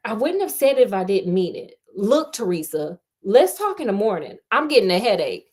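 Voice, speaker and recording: A woman's voice: mid-range voice, very animated, normal speed, a little mellow, close to an everyday voice. A woman reading the lines of a tired teenage boyfriend who dodges his girlfriend's questions. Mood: evasive. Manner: tired, evasive.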